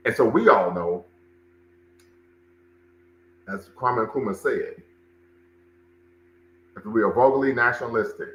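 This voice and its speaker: A man's voice: mid-range voice, unhurried, long pauses, a bit bright, echoey room, highs cut off. A man hosting a livestream, commenting and talking with his chat, emphatic and repeating phrases for stress. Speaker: livestream show host and cultural center director.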